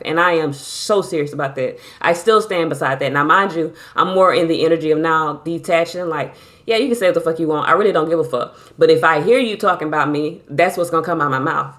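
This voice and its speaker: A woman's voice: lowish voice, fairly bright tone. A woman giving a casual tarot reading, talking bluntly and emphatically with lots of profanity and a way of speaking. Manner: blunt, profane, emphatic, repeats "you feel me". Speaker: tarot reader.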